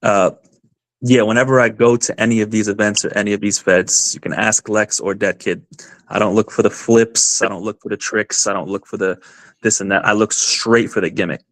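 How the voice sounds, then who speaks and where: A man's voice: fairly low pitch, fairly even intonation, a little fast, a bit bright, dry recording. A man, a wrestler guest on a podcast, talking passionately over a video call, with lots of fillers. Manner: passionate, rambling with many fillers. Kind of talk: casual podcast chat.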